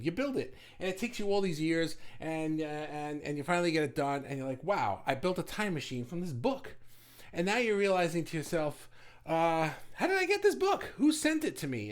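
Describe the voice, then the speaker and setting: Fast, rambling male livestream host. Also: on the high side. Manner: rambling, chatty, with many restarts and swearing; talks fast. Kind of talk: casual livestream chat.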